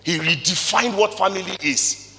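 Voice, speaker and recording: A man with a Nigerian accent giving an animated motivational talk to a live audience, firing rhetorical questions and swinging between loud and soft. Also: high voice, moderate pace. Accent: Nigerian English. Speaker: motivational speaker. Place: stage in a hall before an audience. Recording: long reverb of a large hall.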